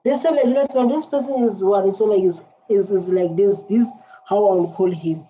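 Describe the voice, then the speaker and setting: A woman's voice: medium pitch, a little fast, mellow. Emphatic South African woman, dull lo-fi audio. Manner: repetitive, emphatic, many fillers. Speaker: reaction video host. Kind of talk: political reaction commentary. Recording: dull lo-fi with faint noise.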